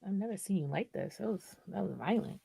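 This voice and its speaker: A woman's voice: mid-range voice, lively intonation, brisk, gravelly, warm tone, breathy edge. A woman co-hosting a podcast in casual, profane chat, rambling and often checking in with "right?". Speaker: podcast co-host.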